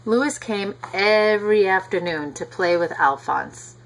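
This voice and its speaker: Woman, reading a storybook aloud to a child, gentle, talks to the listener, unhurried. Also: mid-range voice, expressive, a little hiss or hum, rough recording. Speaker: reader.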